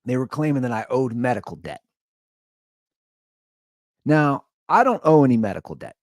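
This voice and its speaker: A male podcast host talking casually and rambling through a story. His voice swings widely in pitch as he tells it, and the sound is close and dry with no room echo. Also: very animated, normal speed. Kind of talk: casual monologue.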